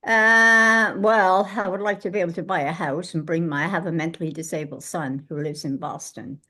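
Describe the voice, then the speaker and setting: A British woman in her eighties, from England, telling lively stories as a guest in an interview and acting out the dialogue in them. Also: lowish voice, normal speed. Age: 80s. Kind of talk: casual interview storytelling.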